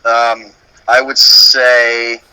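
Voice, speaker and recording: Bright, playful man musician. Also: mid-range voice, level tone, very slow, clear, resonant tone, no room sound, poor audio. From Dallas. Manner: loose, playful, swears freely. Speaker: musician guest. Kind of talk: casual chat.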